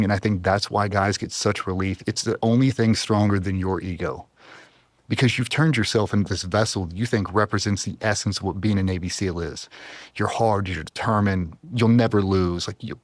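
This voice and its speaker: A man's voice: on the low side, no echo. A man, a former Navy SEAL, telling a personal story on a podcast in an intense, heartfelt, emotional way. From US East Coast.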